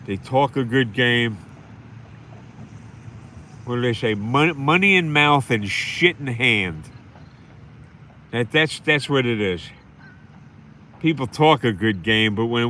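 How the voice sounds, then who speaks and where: A man's voice: mid-range voice, bright, forceful tone. This is a man ranting through a livestream monologue, bitter and full of scorn. He keeps repeating his points in a plain, mid-range voice. Faint street and vehicle noise hums behind him. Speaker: livestream host.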